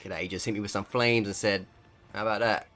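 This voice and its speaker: A man's voice: fairly low pitch, steady tone, fast, fairly bright tone. A man casually commenting on his own gameplay, joking, swearing and laughing, acting out other players' lines. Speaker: gaming streamer.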